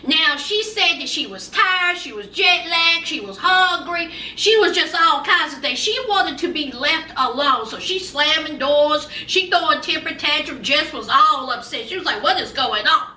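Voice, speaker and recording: A woman hosting a casual reality TV recap, telling the story in a sassy, animated way and talking straight to her viewers. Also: high-pitched, measured pace, few pauses. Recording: roomy, distant mic with faint background noise.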